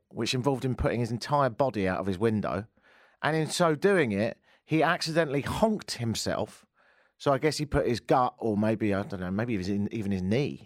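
A man's voice: medium pitch, no echo, clean studio sound. A man hosting a talk radio show, telling comic stories and acting out the people in them. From England. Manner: animated, acts out voices in his anecdotes.

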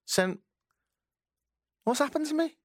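An English-accented radio host runs a casual talk show from a studio, speaking slowly in a very high, animated voice. He's chatty, joking, and prone to rambling.

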